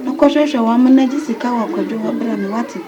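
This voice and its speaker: A woman's voice: a little high, a little fast, close to an everyday voice. An actress playing a sick woman from Ghana who pleads with a relative to fetch money for the doctor, sounding weak and plaintive. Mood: pleading. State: ill, weak. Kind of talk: Ghanaian film acting. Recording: distant, dull sound with crowd noise.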